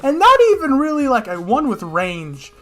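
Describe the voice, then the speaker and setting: Excitable joking man on a podcast. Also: very high voice, soft background music. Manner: excitable and joking, quick to interrupt. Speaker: podcast co-host. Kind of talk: casual chat.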